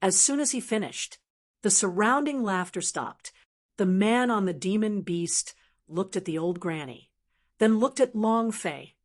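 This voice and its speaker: A woman narrating a fantasy audiobook in a steady, even storytelling manner. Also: mid-range voice, measured pace. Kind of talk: scripted narration.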